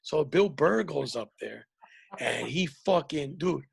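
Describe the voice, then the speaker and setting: A man's voice: on the high side, animated, slow pace, gravelly, slightly rough. A man hosting a podcast as a comedian, telling rambling, profane stories in casual chat with many restarts.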